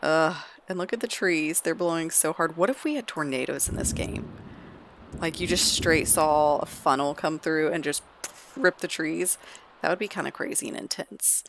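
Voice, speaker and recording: Woman gameplay narrator, lowish voice, chatty and exclaiming. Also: moderate pace, slight background noise. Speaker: let's play narrator. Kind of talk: casual gameplay commentary.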